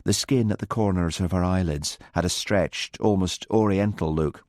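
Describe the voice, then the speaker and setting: In a low voice, a man narrates a mystery audiobook, telling the story in a measured, expressive way. The scripted reading is recorded dry, with clean studio sound.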